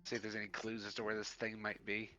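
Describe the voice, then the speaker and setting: A man's voice: on the low side, completely flat delivery, quick pace, pushed and bright. A man playing in a tabletop game, casual and sarcastic. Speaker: player. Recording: dull lo-fi sound with music behind.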